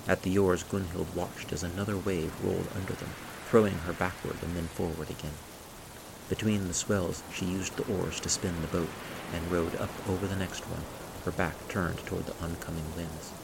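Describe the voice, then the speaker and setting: Male audiobook narrator: very low, gravelly, measured; heavy storm sound bed. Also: very noisy. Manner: steady, measured storytelling. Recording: rain and thunder sound effects. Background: rain and thunder.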